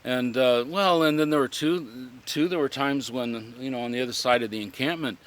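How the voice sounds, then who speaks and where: A man, a living history reenactor, talking in a reflective interview in an earnest, halting way as he searches for words. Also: medium pitch, a bit bright.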